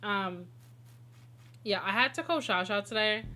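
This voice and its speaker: A woman streams a video game, chatting casually with viewers and telling stories as a chatty storyteller with frequent laughter. Her mid-range voice has a sharp tone and an unhurried pace.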